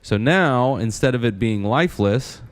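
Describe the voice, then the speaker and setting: A man's voice: mid-range voice, lively intonation, moderate pace. A man giving a casual synth tutorial, counting steps aloud and often asking "right?". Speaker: synth instructor.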